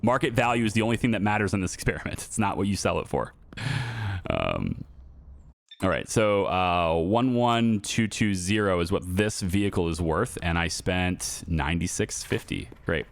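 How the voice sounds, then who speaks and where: Chatty low-voiced gaming commentator. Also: male voice, animated, moderate pace, vocal fry, no room sound. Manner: chatty, repeats himself, laughs easily. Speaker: gaming YouTuber. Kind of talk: casual gameplay commentary.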